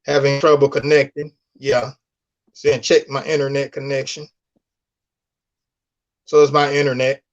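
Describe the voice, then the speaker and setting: A man's voice: mid-range voice, monotone, a little slow, pauses often. A man chatting loosely on a live stream, full of slang, greeting viewers and reading their comments aloud. His voice sits in an ordinary middle range. The audio comes through dull and lo-fi. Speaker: livestream host. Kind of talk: casual live stream chat.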